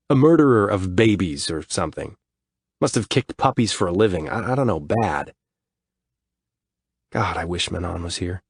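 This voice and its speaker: A man's voice: deep voice, gravelly, slightly rough, dry recording, studio quality. A man narrating a story in first person, weary and grumbling, with frequent swearing. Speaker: audiobook narrator.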